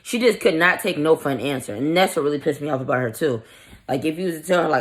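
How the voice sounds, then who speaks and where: A woman's voice: low-pitched, quick pace. A woman vlogger casually telling a story in a blunt, profane, irritated way, acting out the quoted dialogue. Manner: animated, acts out the quoted dialogue.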